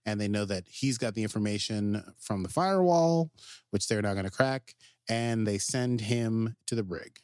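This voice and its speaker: A man with a fairly low voice talks through a TV episode in relaxed podcast chat, getting excited and jumping high when the plot turns. The sound is dry and close, with no room around him. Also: normal speed, no room sound. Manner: animated, jumps into quoted character voices. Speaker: podcast co-host. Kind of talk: casual recap chat.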